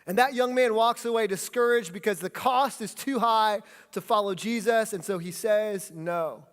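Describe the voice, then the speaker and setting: A pastor delivers a sermon in a lively, animated style, calling on the congregation to speak lines back with him. His voice sits high for a man, and it carries through a hall with long reverb. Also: normal speed, clean tone. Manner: animated preaching, leads congregation in call-and-response. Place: church sanctuary.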